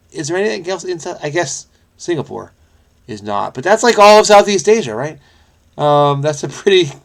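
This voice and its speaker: A man's voice: mid-range voice, gravelly. An American man hosting a crossword video, chatting casually from his home basement in a rambling, self-deprecating way with frequent chuckles and fillers. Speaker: crossword solving video host. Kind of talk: casual solo commentary.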